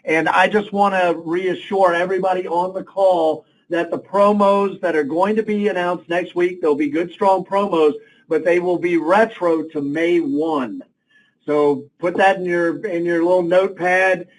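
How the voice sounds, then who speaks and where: A man's voice: sits high, steady tone, measured pace, rough recording. A man hosting a conference call, friendly and chatty, with many filler uhs as he makes announcements. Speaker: call host. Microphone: phone.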